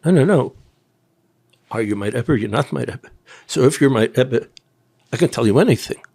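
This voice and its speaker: An older man from Tennessee, a podcast guest, telling personal stories in a rambling, halting way with quiet asides. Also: mid-range voice, expressive, vocal fry, husky. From Nashville, Tennessee. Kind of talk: personal storytelling in an interview.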